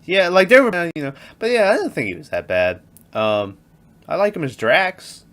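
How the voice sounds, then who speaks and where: A man's voice: high-pitched, huge pitch swings, normal speed, fairly bright tone. A young man co-hosting a movie podcast, chatting casually and retelling scenes with frequent laughter. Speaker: podcast co-host. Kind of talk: casual movie review chat.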